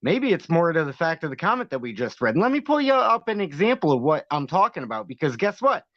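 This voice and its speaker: A man's voice: on the high side, sing-song, quick pace, no echo. A man hosting a livestream, talking casually with a sarcastic, argumentative edge and frequent laughs. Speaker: livestream host. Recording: dull lo-fi dry sound.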